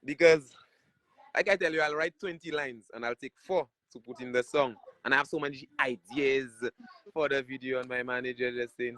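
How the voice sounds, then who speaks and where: A man's voice: on the high side, moderate pace, poor audio. A man with a Saint Lucian accent, a calypso artist, talking animatedly about his music video and family in a casual interview. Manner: animated, patriotic, repeats phrases like "you check what I showing you".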